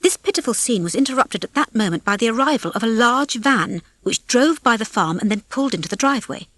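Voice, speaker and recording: A woman reading a children's storybook aloud as narrator, in a lively, expressive way on a close mic. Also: fairly high pitch, fast, no room sound. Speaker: audiobook reader. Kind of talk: scripted narration.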